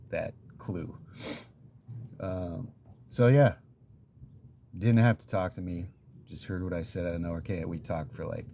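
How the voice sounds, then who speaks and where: A man with a very low voice tells a personal story in a loose, rambling vlog monologue. He talks casually, with plenty of fillers and soft laughs, over a faint hum of background noise. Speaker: vlogger telling a story.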